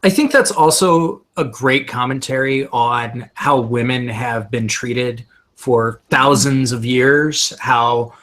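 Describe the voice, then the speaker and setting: Male guest, mid-pitched, thoughtful, halting, casual chat. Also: a bit bright. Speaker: guest on a film review show. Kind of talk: casual livestream discussion.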